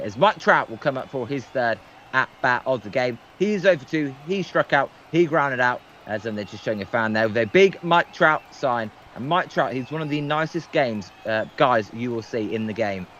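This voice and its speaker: A man's voice: medium pitch, expressive, moderate pace, fairly bright tone, muffled recording, slight background noise. A man calling baseball play-by-play on a livestream, hesitant and full of filler ums. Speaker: guest play-by-play commentator.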